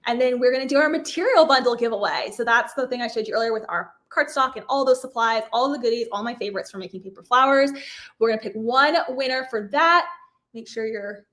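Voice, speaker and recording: A woman's voice: fairly high pitch, quick pace, a bit bright. A woman in her thirties hosting a live craft stream, bubbly and chatty, laughing often and apologizing when she stumbles over names. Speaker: craft host. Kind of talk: live-stream giveaway chat.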